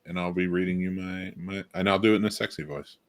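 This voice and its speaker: A man's voice: sits low, level tone, fast. A man co-hosting a film podcast, chatting casually and joking at his own expense. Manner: joking, self-mocking. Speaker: podcast co-host. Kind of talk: casual chat.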